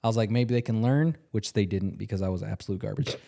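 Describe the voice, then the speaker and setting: A man's voice: on the low side, quick pace, creaky, dark tone. Earnest young man telling a story. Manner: earnest storytelling, many fillers. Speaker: podcast co-host. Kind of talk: casual chat.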